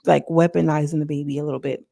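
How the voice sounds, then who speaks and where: Low gravelly woman, chatty reviewer. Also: steady tone, fast talker, warm tone, dry recording, clean studio sound. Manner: chatty, talks straight to viewers, acts out quotes. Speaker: reality TV reviewer. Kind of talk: casual recap commentary.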